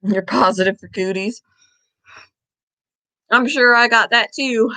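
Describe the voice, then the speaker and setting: A woman's voice: on the high side, measured pace, pushed and bright. A woman hosting a casual livestream from home, rambling and chatting while she climbs stairs, out of breath and now and then coughing. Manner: chatty, rambling, talks to her dog. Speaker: livestream host.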